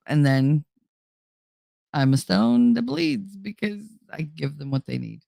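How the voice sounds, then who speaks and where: A woman's voice: fairly low pitch, sing-song, takes it slowly, vocal fry, no echo. Candid, swearing woman streamer, dry close sound. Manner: candid and confiding, swears freely, laughs often. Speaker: livestream host. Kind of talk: casual livestream chat.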